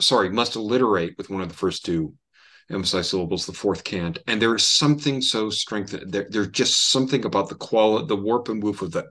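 A man's voice: fairly low pitch, fairly bright tone. A man co-hosting a podcast from home over an online call, chatting eagerly and often restarting his sentences. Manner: eager, halting, full of restarts. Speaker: podcast co-host. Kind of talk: casual chat.

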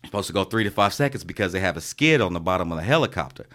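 Man, 30s, deep and low, casual podcast storyteller, swears freely, animated when he acts out the people he quotes. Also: rapid-fire. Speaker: podcast co-host, Army veteran. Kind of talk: casual storytelling among friends.

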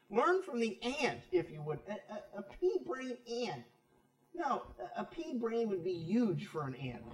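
A pastor with a high-pitched male voice delivers a Bible teaching sermon, talking to his listeners in a conversational way and pressing his points with rhetorical questions. He sounds distant from the mic, and his voice rings around an echoey room. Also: sing-song, moderate pace.

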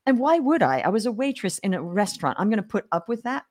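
A woman's voice: medium pitch, fast. A middle-aged woman from Australia speaks as a guest in a casual interview. She tells her stories with energy, slips into the voices of the people she quotes, and often stumbles and restarts mid-sentence. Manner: animated storyteller acting out quoted voices, many restarts. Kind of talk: casual storytelling in a podcast interview.

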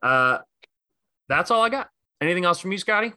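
A man's voice: sits high, animated, brisk, sharp tone, dry recording. A man co-hosting a casual sports podcast, talking enthusiastically and rambling with fillers and restarts. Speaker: podcast co-host.

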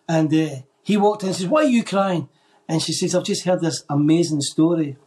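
A man with a notably high voice speaks as a guest on a faith podcast. He tells his story with energy and acts out the people he quotes. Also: a little fast, warm tone. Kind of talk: telling a faith testimony in conversation.

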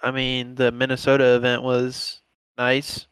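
A man's voice: medium pitch, completely flat delivery, measured pace, fairly bright tone, smooth, no echo. A young man chatting as a guest, laid-back and hesitant, giving short answers. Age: young adult. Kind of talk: casual chat.

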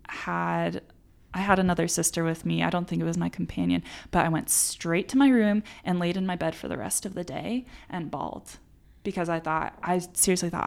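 امرأة شابة تروي قصتها بصدق وبصوت منخفض قليلاً. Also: female voice, lowish voice, vocal fry. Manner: earnest, emotional storytelling. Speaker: guest. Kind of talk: casual podcast conversation.

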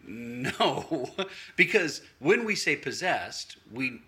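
A man preaching a sermon in a conversational way, telling a story and acting out the dialogue, laughing often and sometimes dropping to a soft, quiet voice. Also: mid-range voice, sing-song, normal speed. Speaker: pastor, national director of a church movement.

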